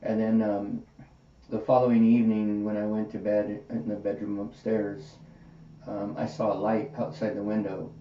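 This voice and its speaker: A man's voice: on the low side, normal speed. A man hosting a podcast, telling a personal story casually and acting out the quoted dialogue. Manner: animated, acts out quoted dialogue. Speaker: podcast host. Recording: roomy, distant, dull with faint hiss.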